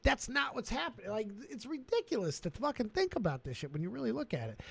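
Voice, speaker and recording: A man hosting a casual streamed chat, going off on rambling comic rants that swing from low mutters to shouting. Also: sing-song, fast talker, vocal fry, husky. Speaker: streamer host.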